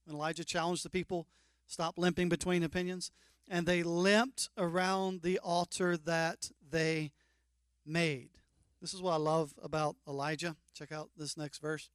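Male pastor, high and smooth, lively joking sermon delivery, close dry mic. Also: measured pace, no room sound. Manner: animated, joking, mock-incredulous asides.

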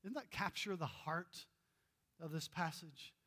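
A man preaching a sermon, telling stories earnestly and swinging between loud emphasis and hushed asides. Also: fairly high pitch, a little slow, slightly rough. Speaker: pastor.

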